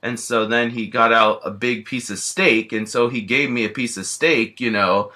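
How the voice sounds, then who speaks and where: Rambling man with a bright, tense voice. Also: medium pitch, fairly even intonation, moderate pace. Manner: rambling, with lots of "you know" and restarts. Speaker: storyteller. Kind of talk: casual first-person storytelling as a bear character.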